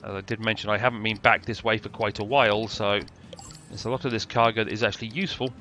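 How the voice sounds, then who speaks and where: A man's voice: lowish voice, fairly even intonation, quick pace, pushed and bright. A British man giving casual, rambling commentary over a train management game, with a dry, sarcastic manner. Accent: British English. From Britain. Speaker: gameplay commentator.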